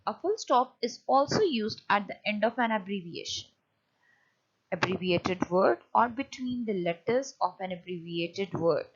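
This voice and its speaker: A woman teacher giving a lecture on punctuation, often pausing and restarting as she explains. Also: medium pitch, expressive, husky, dull audio. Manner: hesitant, many fillers and restarts while explaining.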